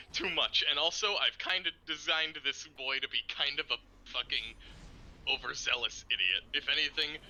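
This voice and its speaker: A man streaming a game, explaining plans in a rambling, profane, excitable way. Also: a little high, normal speed, vocal fry, slight background noise, low-quality recording. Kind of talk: casual chat while gaming.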